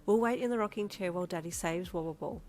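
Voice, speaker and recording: Woman as a gentle young mum, soft and reassuring. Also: on the low side, fast, lightly acted. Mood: soothing. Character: gentle young mother, soothing.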